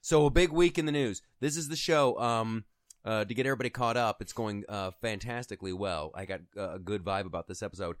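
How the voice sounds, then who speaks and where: A man's voice: fairly quick, dry recording, clean studio sound. A man from Ohio hosting a casual comedic chat show, rambling and joking, with frequent fillers. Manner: jokey, rambling, slips into high mock voices. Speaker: podcast host.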